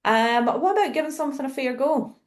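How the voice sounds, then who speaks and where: A woman's voice: high-pitched, lively intonation, fairly quick. A woman from Scotland with a Scottish accent, a guest in a casual podcast chat, asking questions and laughing easily.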